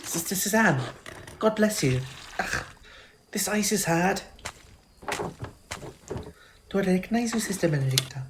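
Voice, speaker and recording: A woman's voice: mid-range voice, expressive, measured pace, pauses often, noisy background, lightly acted. A woman voicing a polite, curious young woman in a game. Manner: polite, inquisitive.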